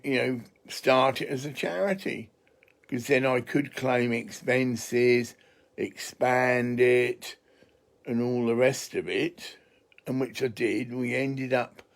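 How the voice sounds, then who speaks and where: A man's voice: mid-range voice, gravelly. An English man talking in a casual, rambling monologue, chatty and digressive, swearing freely.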